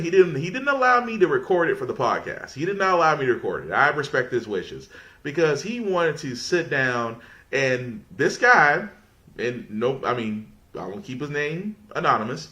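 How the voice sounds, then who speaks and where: Male podcast host, bright, forceful tone, loose conversational monologue with restarts. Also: mid-range voice.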